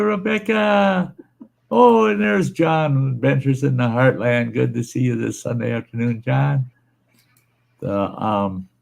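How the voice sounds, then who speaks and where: A gravelly, fairly low-voiced man hosting a casual livestream from home. He tells rambling, folksy stories, laughs often and swears now and then. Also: a little mellow. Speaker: livestream host. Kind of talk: casual chat and storytelling. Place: room at home where he smokes.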